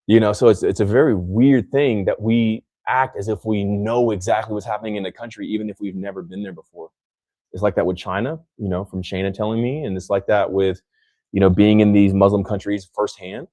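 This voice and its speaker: A man's voice: on the low side, fairly even intonation, fairly quick, dark tone, dry recording. A young man from the United States hosting a podcast, rambling in casual chat and filling his talk with "like". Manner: rambling, heavy use of "like". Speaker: podcast host.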